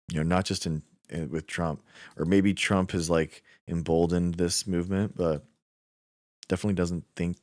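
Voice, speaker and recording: Young american dude streaming, real low voice, dry close sound, lots of likes and dudes. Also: male voice, no room sound. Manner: rambling, says "like" and "dude" a lot. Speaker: livestream host. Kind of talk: casual chat with chat viewers.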